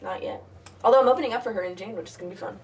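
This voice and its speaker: A woman's voice: medium pitch, rapid-fire, darkish tone, distant mic. A woman, a young singer talking as a guest in a playful, laughing interview. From United States. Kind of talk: casual interview chat.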